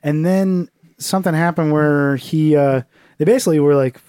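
Speaking at a moderate pace, this podcast co-host has a slightly high voice with a dark, clean tone. He keeps the comedic banter loose and profane, leaning on fillers and slipping into mocking impressions. The studio sound is clean and echo-free.

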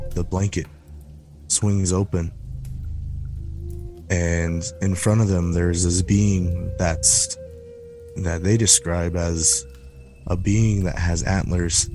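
A man telling a scary story on a podcast, slow and suspenseful, often repeating words for effect. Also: low-pitched. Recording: music playing under the voice.

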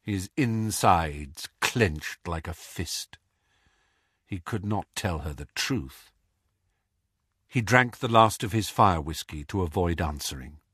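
A man narrating an audiobook in an expressive storytelling style. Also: low-pitched, slow, husky, dry recording, studio quality. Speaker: audiobook reader. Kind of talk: scripted narration.

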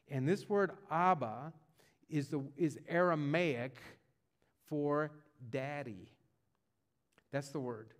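A pastor delivers a sermon conversationally in a voice that sits high. He often repeats words and restarts, rising with feeling as he goes.

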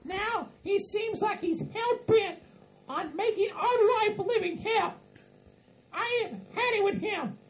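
Bossy hillbilly woman, southern drawl, very high pitch, comedy skit, as a performer voices her. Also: slow, a little hiss or hum, rough recording. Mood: annoyed.

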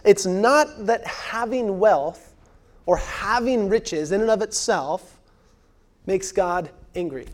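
Delivering a sermon, a high-voiced pastor in his thirties speaks earnestly. He hammers home key phrases by repeating them, sometimes lowering to a hushed near-whisper.

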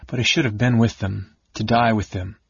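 A man's voice: on the low side, steady tone, normal speed, gravelly, slightly rough, no echo, exaggerated voice. A man reading the part of a grieving young nobleman and knight who turned bandit, speaking bitterly and grimly. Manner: bitter and grim. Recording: dull lo-fi recording.

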